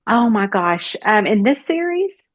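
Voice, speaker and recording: A Southern American woman chatting as a guest author, spinning animated stories and slipping into the voices of the people she quotes. Her voice sits at an ordinary pitch for a woman. The recording is dry and close, with no room sound. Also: measured pace, no room sound. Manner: lively storyteller who acts out quoted voices. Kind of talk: casual interview chat.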